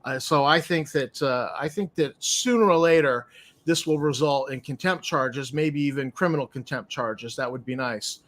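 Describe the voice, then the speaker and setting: A man co-hosting a casual chat show, speaking in a measured way with frequent hesitations. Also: mid-range voice, a bit bright. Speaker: podcast co-host.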